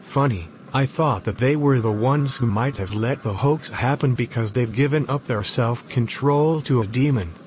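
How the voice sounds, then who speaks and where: A man's voice: mid-range voice, moderate pace, few pauses, a little mellow, slight background noise, close to an everyday voice. A man playing a cheerful young man who likes to joke, in an amateur web series. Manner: cheerful, joking. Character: jokey young man, likes his own humor.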